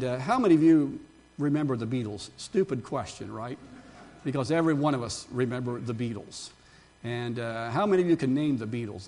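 In his on-the-high-side voice, an older pastor gives an animated Palm Sunday sermon, breaking off now and then to chat with his congregation.

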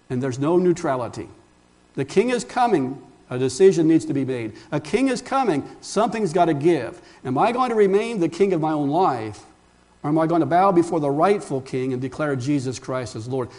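This pastor's voice sits on the high side with a darkish tone as he delivers an emphatic sermon. He addresses listeners as friends and throws out rhetorical questions.

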